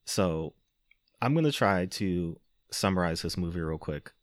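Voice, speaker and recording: A man's voice: low-pitched, animated, measured pace, dry recording, studio quality. A man hosting a podcast, recapping a movie in a wry, casual way with lots of fillers and chuckles. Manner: wry, laughing, filler-heavy. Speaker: podcast host.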